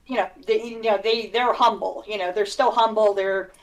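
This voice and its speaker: A woman's voice: mid-range voice, fairly even intonation, normal speed, poor audio. A woman co-hosting a podcast, chatting casually and rambling with lots of filler words. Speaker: guest co-host. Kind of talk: casual chat.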